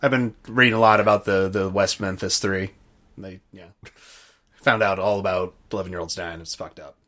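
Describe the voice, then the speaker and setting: A man's voice: sits low, fairly even intonation, normal speed, pushed and bright. A man co-hosting a comedy show, riffing goofily in improvised banter with silly sound effects.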